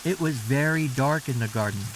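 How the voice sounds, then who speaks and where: A man reading a children's storybook aloud as a bedtime story, slow and sing-song with lots of expression. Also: medium pitch, a little hiss or hum.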